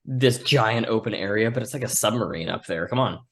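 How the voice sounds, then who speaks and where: Male tabletop player, in-character, animated with filler words. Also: fairly low pitch, fairly quick. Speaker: player voicing Chloe. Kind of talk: in-character tabletop role-play.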